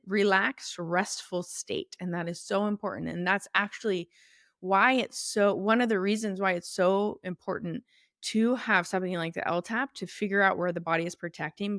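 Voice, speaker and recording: A woman's voice: fairly low pitch, no echo, clean studio sound. A woman hosting a solo podcast, explaining clinical ideas in an informal, teaching way.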